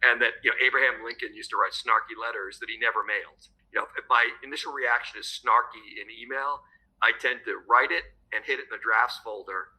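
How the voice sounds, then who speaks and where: A man's voice: medium pitch, fairly even intonation, pushed and bright, slightly rough, poor audio. A man co-hosting a business podcast, reflecting on his own work habits. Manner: fast, reflective, shares personal practices. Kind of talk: podcast conversation.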